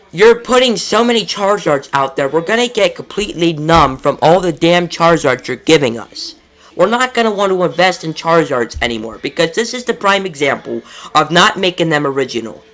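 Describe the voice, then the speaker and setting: Male vlogger, fairly high, bright edgy voice, exasperated ranting delivery. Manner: frustrated, exasperated, profane. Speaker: collectibles YouTuber. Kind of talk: casual ranting commentary.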